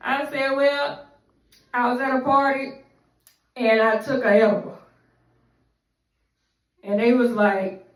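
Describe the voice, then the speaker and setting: High-voiced woman, echoey and distant. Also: normal speed, pauses often. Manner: animated, profane, rambling. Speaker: storyteller. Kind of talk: casual storytime monologue.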